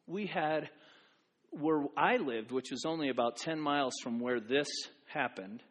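A man preaching a sermon in a church, animated, repeating phrases for emphasis and acting out voices. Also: medium pitch, husky. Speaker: pastor. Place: church sanctuary. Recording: church hall reverb.

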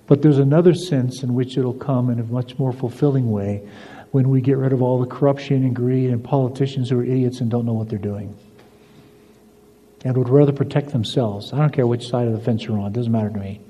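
An older man preaching a sermon as pastor, telling stories and moving between emphatic lines and soft, confiding ones. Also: mid-range voice, steady tone, a little fast. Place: church sanctuary. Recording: dull lo-fi recording in a reverberant church hall.

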